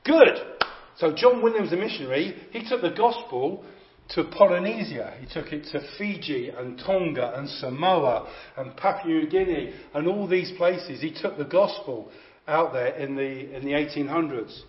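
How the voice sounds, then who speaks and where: A man's voice: on the high side, moderate pace. A man preaching a sermon, emphatic and repeating phrases for effect. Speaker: visiting preacher. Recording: echoey, slightly dull hall recording.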